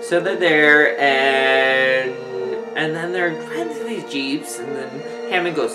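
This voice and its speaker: A drunk man hosting a rambling comedic movie recap, slipping into squeaky impressions. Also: slow, over music, low-quality recording. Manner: slurring, rambling, bursts into shrill squeaky impressions. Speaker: host.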